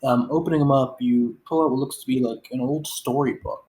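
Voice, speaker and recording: A woman's voice: extremely low pitch, fairly even intonation, a little fast, dark tone, slight background noise, rough recording. A woman running a tabletop game as game master, narrating casually with lots of ums and likes. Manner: casual, filler-heavy narration with many "um" and "like".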